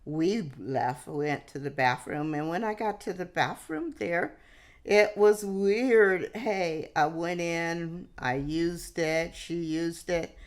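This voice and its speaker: A woman vlogger telling a personal story to camera in a halting way, often restarting and dropping in "hey". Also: on the low side.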